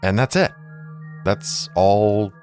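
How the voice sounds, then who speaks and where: A man's voice: fairly low pitch, big pitch swings, moderate pace, faint music behind, voice pushed up. A man voicing a nervous, defensive station resident who stammers under pressure.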